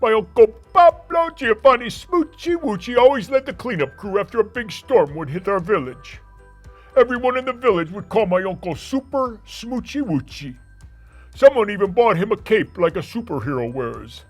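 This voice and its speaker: A man voicing a fond puppet dad in a kids' puppet show, telling stories in a warm way. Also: high voice, sing-song, moderate pace, faint music behind. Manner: warm, storytelling. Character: doting puppet dad, talks fondly of his old village. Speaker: puppeteer and narrator.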